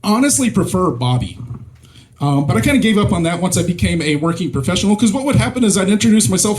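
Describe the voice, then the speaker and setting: Hesitant self-deprecating comic, high voice. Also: male voice, very animated, quick pace, a little mellow. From Mississippi, USA. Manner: hesitant, lots of ums, self-deprecating, reads from a cheat sheet. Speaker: stand-up comedian. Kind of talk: stand-up comedy set.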